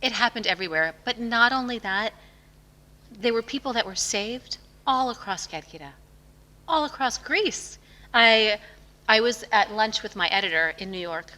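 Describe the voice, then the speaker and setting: A woman's voice: a little high, lively intonation, moderate pace, pushed and bright. A woman author being interviewed, talking with passion and emphasis, telling stories. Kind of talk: conversational interview. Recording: long reverb of a hall.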